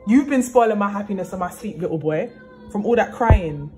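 A woman's voice: mid-range voice, expressive, fairly quick. A young woman, ranting casually to her phone in an incredulous, slangy way. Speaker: vlogger. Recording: noisy phone recording.

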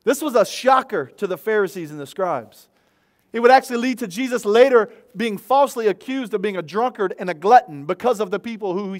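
A man who is a pastor, preaching an earnest sermon at an outdoor church service, praying and repeating key phrases for emphasis. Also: very high voice.

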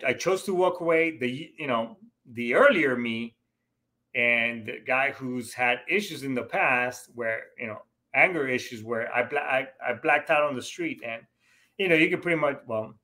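A middle-aged Marine veteran who hosts a show shares a personal story directly with his viewers. His medium-pitched voice has a bright, forward edge, and he rambles, circles back, leans on "you know" and restarts sentences as he talks.

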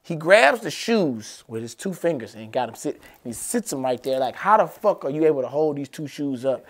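A man telling a comedic story on a podcast, animated and profane, swinging between loud and quiet. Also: a little high, brisk. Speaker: podcast co-host.

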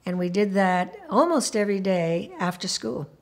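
An older woman recalls her past in an animated, expressive way. She acts out the voices of the people in her stories, often breaking into laughter as she talks. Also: mid-range voice, moderate pace. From Puerto Rico. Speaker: interviewee. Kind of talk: documentary interview storytelling.

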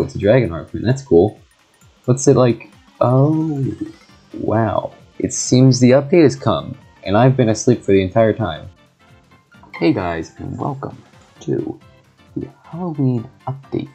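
A young man giving casual, joking gameplay commentary with quick excited reactions and sarcastic asides. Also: medium pitch, husky. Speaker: gaming YouTuber. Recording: faint background music.

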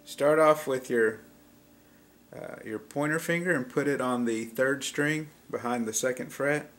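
A man's voice: medium pitch, a little slow, fairly bright tone. A man giving a casual step-by-step guitar lesson, explaining chord shapes plainly and easygoingly. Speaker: guitar teacher. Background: acoustic guitar being played.

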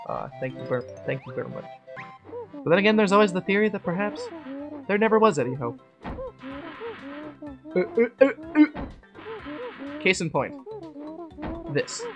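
A woman chatting casually while streaming a game, rambling and joking with plenty of swearing. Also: sits low. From Canada. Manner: rambling, jokey, swears freely. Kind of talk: casual gaming stream chat.

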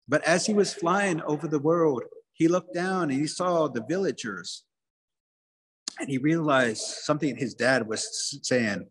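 Husky man telling a folktale. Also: on the high side, moderate pace, long reverb tail. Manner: repetitive, rhythmic phrasing. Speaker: storyteller, museum director.

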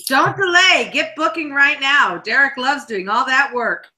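A woman's voice: high-pitched, unhurried, sharp tone. A woman co-hosting a casual talk show, joking and ranting with lots of profanity. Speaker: podcast co-host. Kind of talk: casual chat.

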